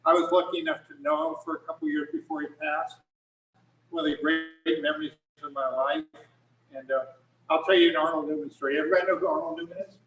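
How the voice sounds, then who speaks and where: Animated man telling photography stories. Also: on the high side, fast, recorded from a distance, a little hiss or hum. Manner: animated, rambling with many restarts. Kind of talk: casual storytelling talk. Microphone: video call. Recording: echoey room, speaker off mic.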